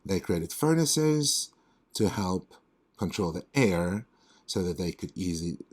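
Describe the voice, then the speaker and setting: Speaking slowly in a low register with big swings in pitch, a tutor talks through reading test questions, reasoning aloud and fixing his own mistakes as he goes.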